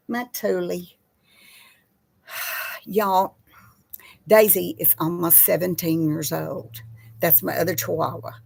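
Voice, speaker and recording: An older woman chatting casually with live viewers in a slow, folksy way. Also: fairly low pitch, vocal fry, slightly rough. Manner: slow folksy talk, baby voice to her pets. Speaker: host of a live chat with viewers. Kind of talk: casual live-stream chat reading viewer comments.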